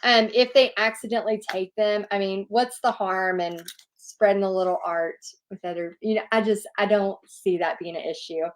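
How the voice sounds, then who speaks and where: A woman's voice: medium pitch, fairly even intonation, moderate pace. A middle-aged woman hosting a casual live question-and-answer session, reading out viewers' questions and comments and answering them in a gushing, bubbly way.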